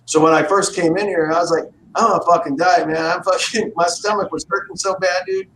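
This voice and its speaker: Speaking fairly quickly in a high, steady, slightly bright voice, this man chats casually on a livestream. He spins rambling stories laced with profanity, heard through a roomy echo with faint background noise.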